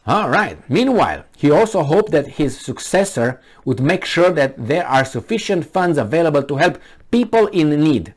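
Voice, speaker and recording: A man's voice: fairly high pitch, big pitch swings, normal speed. A man giving sarcastic, mocking commentary on the news, reading it out and talking back with emphatic asides. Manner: talks back to the news, with scattered laughs and asides. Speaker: video commentator.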